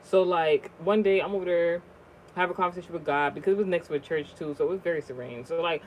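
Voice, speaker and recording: A vlogger telling a personal story in a casual, rambling way, swearing often and restarting sentences, with the voice jumping high and loud at the shocking moments. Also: fast, slight background noise, low-quality recording. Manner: rambling, profane, many fillers and restarts.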